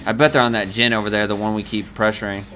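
A man giving live commentary on his own gameplay, excitable and talking to himself as he plays. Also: on the low side, quick pace. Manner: excitable, talks to himself while playing. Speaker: gaming streamer. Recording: game music loud behind.

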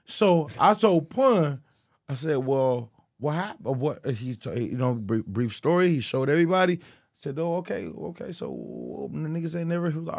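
A man chatting as a podcast guest, telling animated stories full of restarts and repeated phrases. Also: on the high side, moderate pace, vocal fry, no room sound, clean studio sound. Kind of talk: casual podcast chat.

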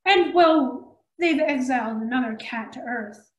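A woman's voice: a little slow, echoey room, rough recording. A woman voicing a nervous, hesitant male cat leader who stammers with fillers. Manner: hesitant, full of fillers, high and bright.

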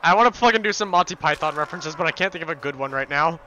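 A man's voice: a little high, lively intonation, racing, bright, forceful tone, highs cut off, slight background noise. A young man hosting a gameplay session, chatting casually and giving mock-heroic king speeches to his team between bursts of swearing. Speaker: gaming channel host.

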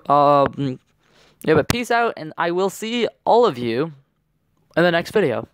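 A man giving casual, excitable gameplay commentary with playful trash talk. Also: on the high side, measured pace, long pauses, smooth. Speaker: gaming channel host.

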